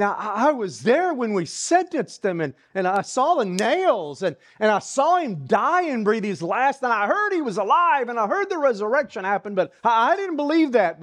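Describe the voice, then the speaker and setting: In a mid-range voice, a preacher delivers a sermon, dramatically retelling a story. He drops into hushed whispers and often repeats words as he builds the scene.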